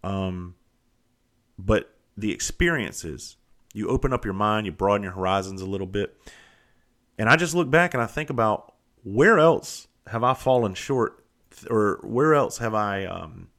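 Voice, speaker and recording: This Southern US man in his forties speaks on the low side and a little slowly. He's a vlogger spinning a profane, rambling yarn in casual monologue, animated and cutting himself off as he goes.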